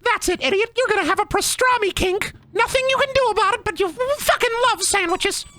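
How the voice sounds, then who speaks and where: A man voicing a gloating cartoon ink demon in a high, mocking voice. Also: brisk, pushed and bright. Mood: taunting. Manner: shrill taunting.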